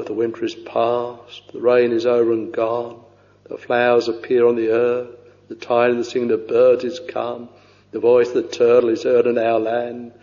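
A man preaching a sermon, reading scripture in a slow, halting way with many pauses and fillers, dropping to a hushed voice on quoted verses. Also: medium pitch, monotone. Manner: slow, halting delivery with frequent uh and you know. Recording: dull lo-fi recording with long hall reverb.

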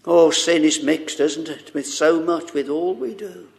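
A man delivers a sermon in a slow, unhurried cadence, pausing often and stumbling over fillers. His voice sits a little high and carries a gravelly fry. His phrasing is fervent and earnest. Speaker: preacher.

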